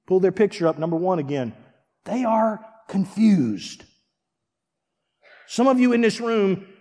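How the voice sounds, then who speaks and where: High-voiced man preaching in a reverberant hall. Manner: animated preaching, swinging from hushed to shouting. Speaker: pastor. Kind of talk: sermon. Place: church sanctuary. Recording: long reverb of a large hall.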